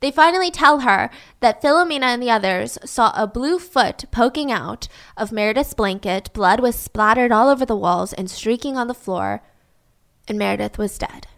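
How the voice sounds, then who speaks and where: A woman's voice: fairly high pitch, expressive, normal speed, fairly bright tone. A woman recounting a true-crime story in a casual, chatty way, full of "like" fillers.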